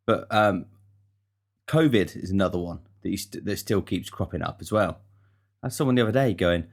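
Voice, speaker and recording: Deep-voiced guy, blunt sweary podcast rant, casual. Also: brisk, creaky. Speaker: podcast host. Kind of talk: casual monologue.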